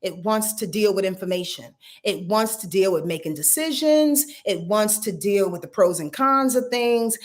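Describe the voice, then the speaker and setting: Animated, slangy woman giving astrology readings. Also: medium pitch, normal speed, few pauses. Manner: animated, slangy, talks straight to viewers, laughs often. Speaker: astrologer doing live readings. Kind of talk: casual livestream chat and astrology readings. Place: at home.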